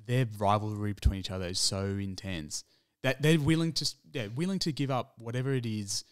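A man's voice: fairly low pitch, brisk, clean tone. A man, co-hosting a podcast and reviewing a film in casual, rambling chat. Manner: rambling, restarts, laughs at himself. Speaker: podcast co-host.

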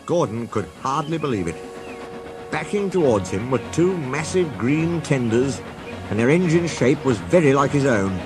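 A man narrating a storybook tale in a measured, expressive way. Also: medium pitch. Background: music.

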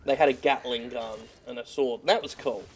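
A man giving sweary, joking let's-play commentary while he plays a game, with excitable outbursts. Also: medium pitch, moderate pace. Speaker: games critic playing a game.

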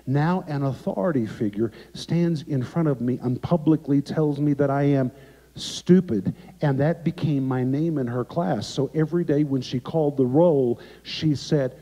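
A man preaching as a guest by video and telling a story dramatically, swinging from emphatic lines down to hushed ones. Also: mid-range voice, normal speed. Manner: dramatic, emphatic, with sharp drops to quiet. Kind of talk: sermon storytelling. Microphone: remote video recording. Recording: echoey, dull lo-fi sound.

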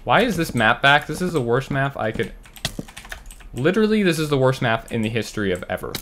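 A man giving running commentary on his own gameplay, muttering to himself and breaking into loud, frustrated outbursts. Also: mid-range voice, big pitch swings, brisk, a little hiss or hum. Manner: talks to himself while playing. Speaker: gaming channel host.

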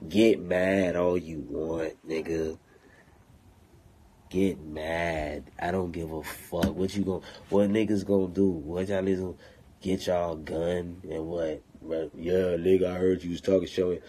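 Brief: low, mellow-voiced man, unhurried, cursing and taunting his critics on a phone livestream. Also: flat delivery, husky. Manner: profane, taunting, confrontational. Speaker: rapper streaming live to fans. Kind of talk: livestream rant.

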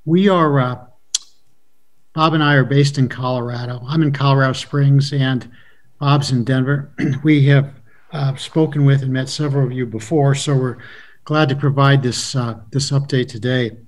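A man's voice: mid-range voice, fairly even intonation, low-quality recording. Man in a mid register, a company head addressing a council politely over a video link. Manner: polite, formal, slightly halting. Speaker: company president. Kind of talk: council meeting presentation.

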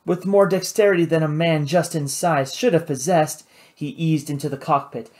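A man reading an adventure novel aloud in steady, measured scripted narration. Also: on the high side. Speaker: audiobook narrator.

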